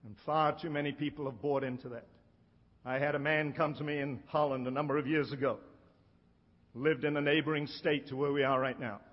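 A middle-aged man preaching a sermon in an emphatic way, slowing down to stress his key lines. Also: fairly high pitch, fairly even intonation. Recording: dull sound with long hall reverb.

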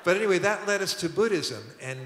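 A man's voice: sits high, lively intonation, quick pace, very noisy. An older man, telling rambling studio anecdotes at a public talk, with restarts and chuckles. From Brooklyn, New York. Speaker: record producer guest. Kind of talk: storytelling on a public talk stage. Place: museum auditorium. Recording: roomy hall with long reverb.

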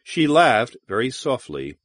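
A man narrating an audiobook with expressive, dramatic storytelling. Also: mid-range voice, measured pace, no room sound, studio quality. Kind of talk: scripted narration.

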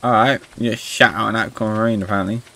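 A man's voice: on the low side, fairly even intonation, fast, bright, forceful tone, slight background noise. A man streaming a video game, chatting casually with his viewers, joking and swearing now and then. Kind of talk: casual gaming stream chat.

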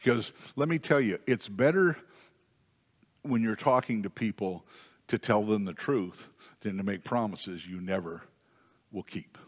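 Low-voiced guy preaching in a church, chatty then punchy, lots of reverb. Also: a little slow, pauses often. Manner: conversational, with rising emphatic peaks. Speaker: pastor. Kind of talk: sermon. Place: church sanctuary.

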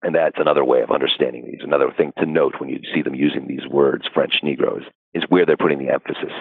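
A man's voice: very deep voice, fairly even intonation, rapid-fire, creaky, husky, no echo. A man talking as a historian guest in a podcast interview, thoughtful and discursive with many fillers. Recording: dry, phone-like call audio.

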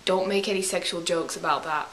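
A faint hiss and an echoey room frame this casual vlog, where a young woman tells rambling, self-correcting stories in a fake English accent. Her voice is on the low side and fairly bright, her intonation fairly even, and she moves along fairly quickly in a chatty way.

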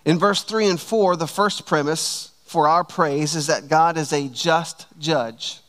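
A man preaching a sermon to his church, slow and emphatic, stretching out key words. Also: a little high, a bit bright. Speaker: pastor.

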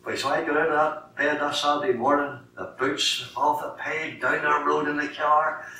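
A middle-aged man with a Northern Irish accent giving his testimony in a sermon, telling his story in an animated way and acting out the dialogue. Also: a little high, moderate pace. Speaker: lay preacher giving testimony. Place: church sanctuary. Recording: echoey church from a distance with faint noise.

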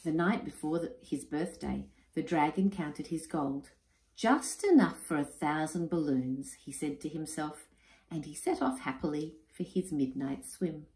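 A woman reading a children's picture book aloud, expressive and unhurried. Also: low voice. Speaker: storyteller. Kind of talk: children's story read-aloud. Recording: roomy echo.

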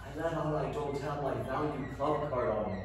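A man's voice: mid-range voice, a crowd in the background, lightly acted. A man with an Irish accent playing a tactless, rambling Irish man in a scripted comedy sketch. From Ireland. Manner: rambling, apologetic, quick to laugh. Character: chatty, tactless Irish man, laughs at own jokes. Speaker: character in a comedy audio sketch. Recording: echoey room, distant mic, faint noise.

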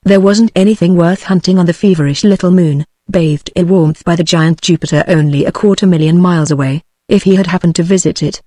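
A synthetic British female text-to-speech voice narrating an audiobook in a flat, even reading. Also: on the low side, brisk, few pauses, no room sound, clean studio sound. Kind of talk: scripted narration.

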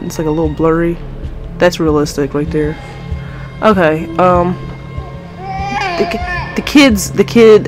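A young woman playing a horror game, commenting to her viewers, easily frustrated and swearing often, with faint music behind her. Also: fairly low pitch. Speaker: gamer.

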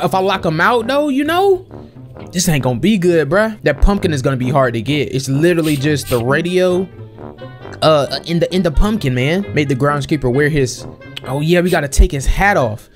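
A young man giving casual, slangy play-by-play of a video game, talking to the characters on screen. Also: fairly high pitch. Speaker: gameplay streamer. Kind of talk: casual let's-play commentary.

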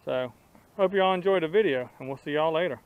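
A man's voice: fairly high pitch, brisk, phone-quality sound, noisy background. A man hosting a fishing vlog outdoors from a boat on a lake, chatting easily and coaching the boys. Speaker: fishing vlogger and host. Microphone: action camera.

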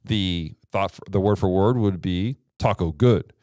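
A man's voice: low-pitched, a little slow, dark tone, no room sound, studio quality. A man hosting a Bible teaching show, explaining translations in a casual, emphatic way with rhetorical questions.

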